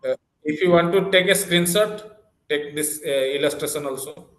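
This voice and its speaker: A man teaches an online commerce class over a video call in a fairly high, somewhat bright voice at a moderate pace. He goes step by step, repeats key points, and often checks in with "clear?" and "okay," and the recording has a roomy echo.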